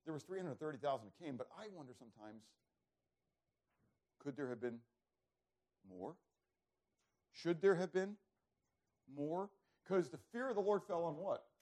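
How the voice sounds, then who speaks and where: Guy preaching, kinda high voice, asks the crowd questions, goes loud then real quiet. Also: moderate pace, long pauses. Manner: rhetorical questions to the congregation, swings from loud to hushed. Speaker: pastor. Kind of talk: sermon.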